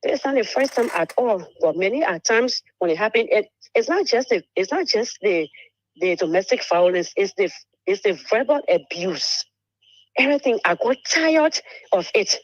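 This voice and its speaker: A woman, telling a painful personal story on a talk show, halting and repeating words. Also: medium pitch, animated, no echo. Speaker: guest telling her story. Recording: muffled dry broadcast audio.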